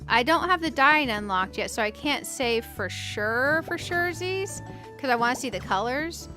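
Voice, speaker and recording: This gaming channel host speaks quickly and expressively, her higher-pitched voice carrying a sharp edge, with quiet music underneath. As she builds in her casual let's-play, she muses aloud to viewers and pokes fun at herself.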